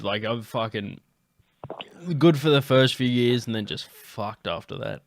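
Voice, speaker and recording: A man's voice: mid-range voice, unhurried, creaky, no echo. A young Australian man hosting a comedy podcast, chatting casually in a crude, rambling way with a lot of swearing. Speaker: podcast host.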